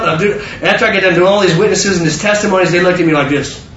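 A man preaching a sermon full of stories, animated and stumbling over repeated words. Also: sits high, quick pace, slight background noise. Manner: animated, self-interrupting with repeated words and laughs. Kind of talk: sermon with storytelling. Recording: distant roomy mic, slightly dull.

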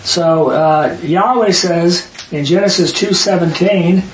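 A man leading a Bible study, reading verses aloud and arguing his points emphatically with quick asides. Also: high-pitched. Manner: emphatic, rapid asides, reads scripture aloud. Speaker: Bible teacher. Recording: echoey room, distant mic, faint hiss.

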